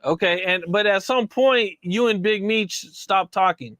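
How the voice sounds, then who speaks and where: A man interviewing a guest, asking steady prompting questions and reading out documents. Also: high voice, measured pace, background noise.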